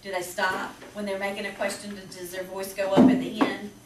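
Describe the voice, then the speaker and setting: A woman teacher with a Southern US accent, talking to parents about reading in a chatty, lively way. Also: medium pitch. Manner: chatty, lively, quick to laugh. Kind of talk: presentation to parents. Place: school classroom. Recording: roomy, distant, noisy classroom recording.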